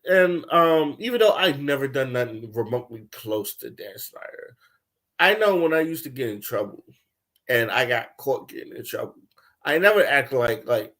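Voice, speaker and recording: A young man ranting casually, telling loose, profane stories with lots of laughter and swings between loud bursts and low mumbles. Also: lively intonation, moderate pace. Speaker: commentator. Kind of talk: casual rant.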